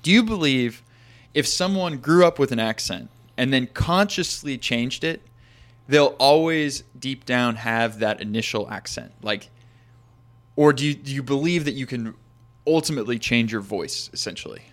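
A man's voice: medium pitch, animated, normal speed, fairly bright tone. Rambling casual male podcast host. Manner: rambling, many fillers and restarts, asks questions. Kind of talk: casual conversational interview.

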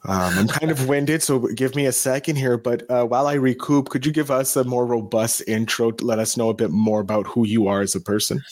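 A man hosting a podcast, upbeat and salesy as he pitches offers and introduces his guest. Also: steady tone, a little fast, few pauses, darkish tone. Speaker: podcast host.

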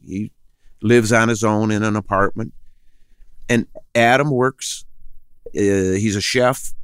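A man's voice: mid-range voice, smooth, no echo, clean studio sound. An older man telling personal stories in an interview, rambling with many restarts and acting out the voices of people he quotes. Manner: acts out others' voices in quotes. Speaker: guest. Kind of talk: interview storytelling.

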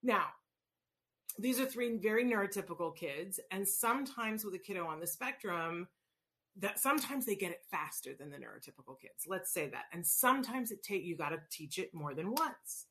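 Animated storytelling woman, bright voice. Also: medium pitch, normal speed. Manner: animated, acts out voices in anecdotes. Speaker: parent educator on autism. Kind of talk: casual storytelling talk.

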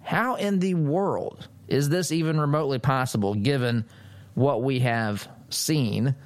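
A man delivers a political commentary monologue as a talk show host. His pitch sits in the ordinary middle range. He talks emphatically, leans on sarcasm, and keeps turning to his listeners directly. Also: measured pace.

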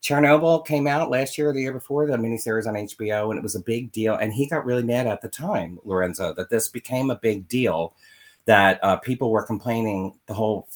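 A man's voice: mid-range voice, brisk. A man co-hosting a casual film chat, telling stories and giving firm opinions. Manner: opinionated, animated storytelling. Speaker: podcast co-host.

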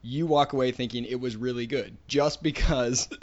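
A man hosting a podcast, talking casually and thinking out loud. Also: medium pitch, normal speed, muffled recording. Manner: thoughtful, musing out loud. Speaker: podcast host. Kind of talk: casual conversation.

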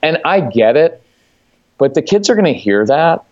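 A man's voice: a little high, normal speed. Guy chatting about parenting, acts out lines to the kids, kinda dull lo-fi sound. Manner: animated, acts out what he tells kids. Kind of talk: casual chat.

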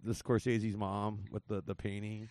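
A man's voice: on the low side, level tone, unhurried, darkish tone, no echo. Rambling forties man, dry close sound. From Southern California. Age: 40s. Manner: rambling, swearing, laughing often. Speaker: podcast host. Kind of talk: casual comedy chat.

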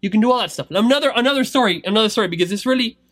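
Animated man giving rambling pep talk. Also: very fast, dry recording, clean studio sound. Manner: animated, swings between loud pushes and low asides; rambling, filler-heavy. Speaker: online seller coaching others. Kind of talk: motivational talk to camera.

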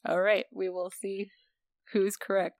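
A woman co-hosting a podcast, tossing off dry, wry comebacks in relaxed chat. The sound is close and dead, with no room around her voice. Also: medium pitch, unhurried, no echo. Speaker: podcast co-host.

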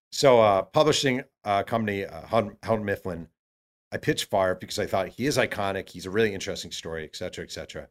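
A man, an author guest in an interview, telling stories in a lively way and acting out what others said. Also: fairly low pitch, fast talker. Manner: acts out quotes of others, many fillers. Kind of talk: animated storytelling.

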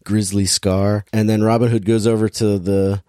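Male podcast host, low voice, dry close sound, sardonic and rambling in casual review chat. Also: level tone, moderate pace, warm tone, clean tone, dry recording.

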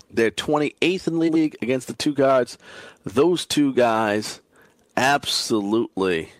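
A man talking through his daily fantasy basketball picks in an excitable, emphatic way. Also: dry recording. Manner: excitable, emphatic, frequent pitch jumps. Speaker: fantasy sports analyst.

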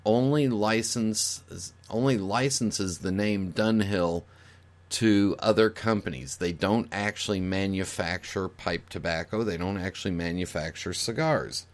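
A middle-aged man with a fairly low voice talks casually as a podcast guest. He lays out his view step by step, hedging and guessing aloud, with fillers and restarts along the way. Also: unhurried. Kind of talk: casual explanatory talk.

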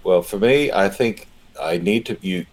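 A man's voice: sits low, a little slow. A man giving impassioned commentary, indignant and emphatic. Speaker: panelist.

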